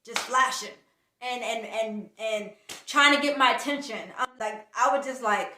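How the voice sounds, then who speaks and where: A woman's voice: fairly high pitch, unhurried, pauses often, slight background noise. A woman vlogger telling a casual storytime and acting out the dialogue as she goes. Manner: animated storyteller, acts out quoted dialogue. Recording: echoey room, distant mic.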